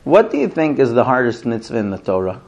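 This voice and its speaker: A man's voice: mid-range voice, very animated, fast, a little mellow, lo-fi sound. A man teaching a Talmud class to students, telling a story animatedly and acting out the quotes. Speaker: Torah teacher.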